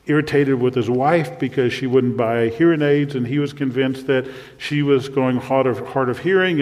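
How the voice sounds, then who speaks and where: Male pastor, sermon, rhetorical questions, medium-pitched voice, hushed drops, long echoing hall reverb.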